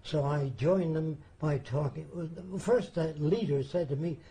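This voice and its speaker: A man recounting a story in a mellow, somewhat raised voice. He talks deliberately and with emphasis, pausing to ask whether the listener follows. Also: on the high side, rough recording. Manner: deliberate, emphatic, rhetorical questions. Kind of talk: casual storytelling.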